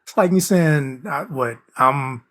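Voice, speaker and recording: A man's voice: medium pitch, fairly quick, fairly bright tone, slightly rough. A man hosting a podcast, chatting casually and making wry jokes about a cartoon. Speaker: podcast host.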